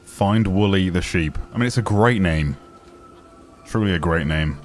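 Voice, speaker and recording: A man's voice: low-pitched, unhurried, soft background music. A man live-streaming a video game, joking and talking back to the characters. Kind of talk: casual live-stream commentary.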